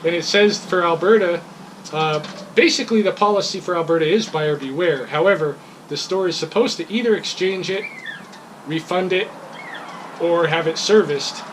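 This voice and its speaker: A woman's voice: lowish voice, normal speed, a little hiss or hum, rough recording. A woman telling a rambling, increasingly heated story about a complaint as a customer. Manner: rambling, grows heated and laughing when frustrated. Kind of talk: casual storytelling.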